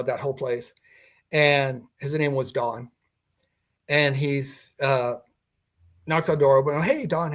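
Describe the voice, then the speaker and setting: An older man telling a personal story in a podcast interview, acting out the dialogue and chuckling as he goes. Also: medium pitch. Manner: recounting a personal encounter with quoted dialogue and chuckles. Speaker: guest.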